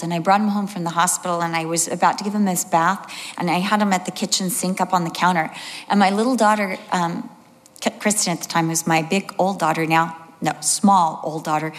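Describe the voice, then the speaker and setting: Her fairly low voice fills a large hall as this woman in her sixties delivers a sermon. She animates her stories by performing the voices of their characters.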